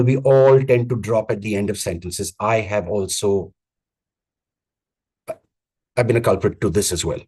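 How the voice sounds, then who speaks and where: A man giving a live online coaching talk on vocal presence, speaking emphatically with repeated phrases and deliberate pauses. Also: mid-range voice, mellow, slightly rough. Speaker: communications coach. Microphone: video call.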